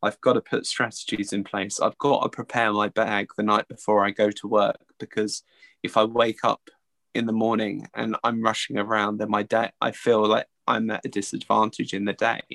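Earnest gravelly man, dry sound. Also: fairly low pitch, level tone, a bit bright, no room sound. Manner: earnest, halting, with many restarts. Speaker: early educator. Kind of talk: reflective interview answer.

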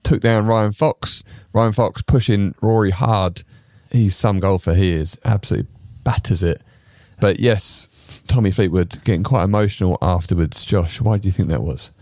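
A man's voice: sits low, normal speed, few pauses, darkish tone, no room sound, studio quality. A man hosting a casual golf podcast, chatty and rambling with lots of fillers. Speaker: podcast host.

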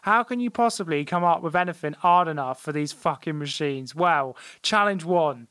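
A man's voice: on the high side, moderate pace, pushed and bright, no echo, clean studio sound. Man telling a mock-dramatic story. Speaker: podcast host. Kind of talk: comedic casual chat.

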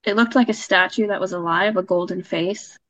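A woman's voice: medium pitch, fairly quick, a bit bright, dry recording, highs cut off. Chatty woman telling a personal story. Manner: chatty, with frequent fillers and laughs. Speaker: podcast guest sharing a story. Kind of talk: casual storytelling.

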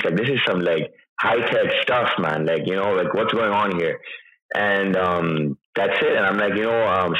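Guy in his 30s telling his story, low voice, keeps restarting, roomy dull audio. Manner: emotional, hesitant storytelling with many restarts. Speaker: interview guest. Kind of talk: personal account in an interview.

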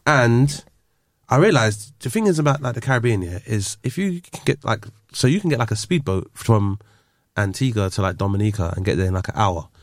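A man's voice: lowish voice, animated, a little fast, no echo, studio quality. A man, hosting a podcast and telling stories in casual chat. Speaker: podcast host.

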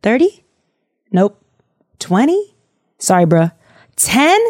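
A woman's voice: medium pitch, big pitch swings, slow, darkish tone, no room sound, clean studio sound. A woman voicing God as a casual, dismissive man in a podcast retelling.

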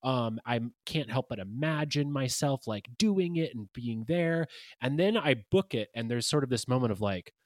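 A man hosting a casual interview, relaxed and hesitant with fillers, who laughs easily. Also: medium pitch, moderate pace, no room sound, clean studio sound. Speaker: filmmaker, podcast host.

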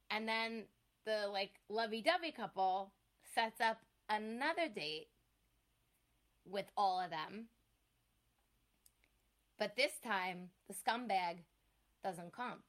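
A young woman co-hosting a casual chat, retelling a movie plot with lots of swearing and acted-out lines. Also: medium pitch. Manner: profane, animated storyteller acting out scenes.

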